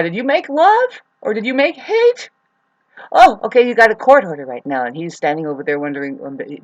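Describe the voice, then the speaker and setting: An astrology vlogger, a woman with a low voice, rambles through a frustrated monologue, swearing often and lurching between loud outbursts and quieter muttering. There's no echo, though the recording sounds muffled.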